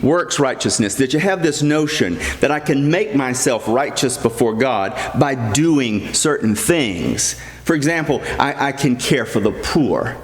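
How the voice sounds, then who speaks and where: A man's voice: medium pitch, expressive, a little slow, hardly any pauses. A middle-aged man preaching a sermon as a priest, earnest and emphatic, repeating key phrases. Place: church. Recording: echoey church hall with long reverb.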